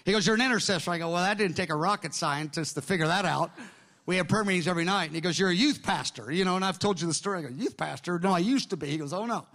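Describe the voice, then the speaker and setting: A man's voice: high-pitched, rapid-fire. A middle-aged man, a pastor, telling stories in a sermon and acting out conversations with others. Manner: animated anecdotes, quoting others in dialogue. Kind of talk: sermon storytelling.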